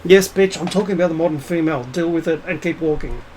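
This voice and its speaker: This spiritual vlogger, a middle-aged man, speaks rapid-fire in a warm voice on the high side, ranting casually and scornfully at the camera with plenty of swearing. The recording is low quality, with slight background noise.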